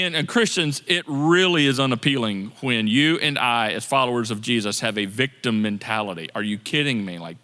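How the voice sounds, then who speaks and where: A man preaching a sermon as pastor, in a lively, conversational manner that acts out people's complaints. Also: mid-range voice, fairly quick, hardly any pauses, long reverb tail. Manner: animated, conversational preaching with quoted inner voices. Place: church sanctuary.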